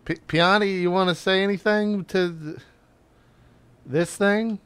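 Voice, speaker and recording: A man playing a tabletop game, excitable and quick to blurt out questions. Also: high-pitched, slight background noise. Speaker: player.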